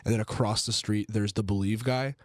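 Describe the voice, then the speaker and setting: A young man, co-hosting a podcast in casual chat, telling animated stories and acting out quoted voices. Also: on the low side, fairly quick, no room sound, clean studio sound. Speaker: podcast co-host.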